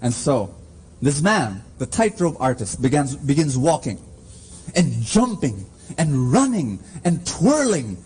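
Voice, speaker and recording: Slow, mellow-voiced male preacher. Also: fairly high pitch, big pitch swings, slightly rough. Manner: slow, emphatic preaching with call-and-response. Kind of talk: sermon. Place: church.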